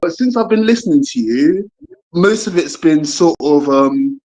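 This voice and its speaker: A man calling in, speaking casually with hesitant fillers. His voice sits a little higher than most men's. He is a lawyer by trade. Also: lively intonation, measured pace, a little mellow, rough recording. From Britain. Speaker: caller, lawyer.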